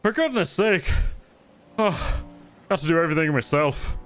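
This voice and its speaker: A man's voice: on the high side, lively intonation, normal speed, a bit bright, pitched above the performer's own voice. A man doing an exasperated shipboard fighter. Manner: impatient, put-upon. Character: exasperated fighter shouting from a ship's deck above.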